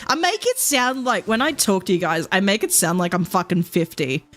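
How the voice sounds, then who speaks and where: A woman's voice: mid-range voice, big pitch swings, normal speed, fairly bright tone, faint music behind. Rambly, sweary streamer woman. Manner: rambling storyteller, swears freely, laughs often. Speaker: VTuber streamer. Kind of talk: casual chat.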